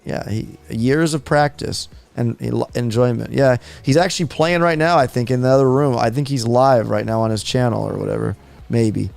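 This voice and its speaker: A man in his thirties talks casually on a gaming stream, his voice gravelly. He rambles, circling back and restarting his sentences. Faint music plays under his voice. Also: medium pitch, fairly even intonation, normal speed, a little mellow. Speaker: gaming channel host. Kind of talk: casual live-stream chat.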